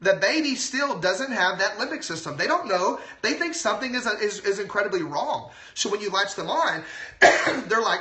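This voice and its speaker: Excited male doctor, chatty livestream host, bright tone, echoey room. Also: high-pitched, moderate pace, slight background noise. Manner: excited, chatty, lots of asides. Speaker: doctor giving health advice. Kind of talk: casual livestream talk.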